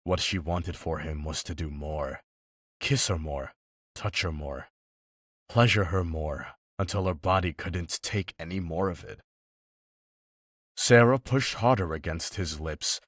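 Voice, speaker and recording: Deep-voiced man narrating a romance audiobook. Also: a bit bright, dry recording, studio quality.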